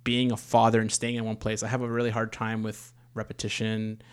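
A man's voice: fairly low pitch, completely flat delivery, brisk, clean tone. A man of thirty, a first-time father-to-be, telling a long personal story in casual chat, rambling and candid with some swearing. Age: 30s. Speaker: podcast host, expecting first child.

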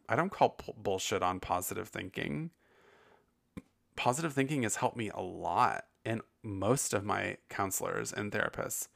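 Podcast host, male, lowish gravelly voice, rambling and profane, casual chat. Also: a bit bright.

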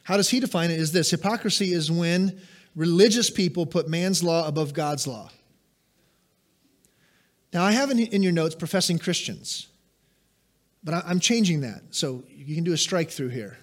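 A high-pitched male pastor delivering a sermon. He leans hard into key words, then eases into conversational remarks to his listeners, as if mid-teaching. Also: moderate pace, pauses often. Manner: emphatic, rises and drops sharply for stress; conversational asides to the congregation.

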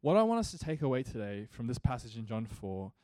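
Earnest, mellow-voiced male pastor preaching. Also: medium pitch, very animated, quick pace, no echo. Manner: earnest, building to emphatic rhetorical questions. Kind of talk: sermon.

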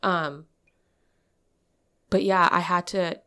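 A woman's voice: on the low side, steady tone, slow, pushed and bright, smooth. A woman in her twenties telling stories in a casual podcast chat, rambling and laughing often. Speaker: podcast co-host.

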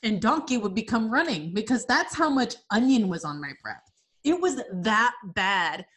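A woman in her twenties chatting casually on a podcast, an animated storyteller who laughs often. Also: a little high, normal speed. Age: 20s. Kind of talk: casual chat.

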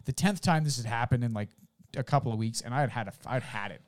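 Fast-talking man swearing through stories. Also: mid-range voice. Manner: swears constantly, loud storytelling with shouted re-enactments. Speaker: podcast co-host. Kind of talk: casual podcast chat.

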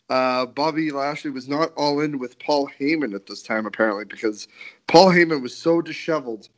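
A man's voice: fairly high pitch, animated, moderate pace, fairly bright tone. A man co-hosting a podcast in a laid-back, joking, casual way, with some swearing. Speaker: podcast co-host. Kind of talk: casual chat.

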